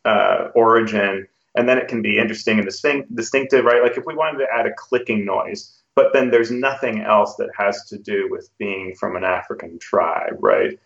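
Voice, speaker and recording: A thoughtful man co-hosting a tabletop gaming podcast, speaking in a measured way. His low voice is gravelly and full of fry. It is recorded in a roomy space with a dull, lo-fi sound. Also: fairly bright tone. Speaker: podcast co-host. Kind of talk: casual discussion about tabletop game mastering.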